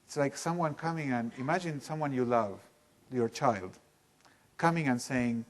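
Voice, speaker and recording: A man leading a live seminar in a room with an audience, talking in an animated, emphatic way and putting questions to the listeners. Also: medium pitch, normal speed. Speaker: workshop teacher.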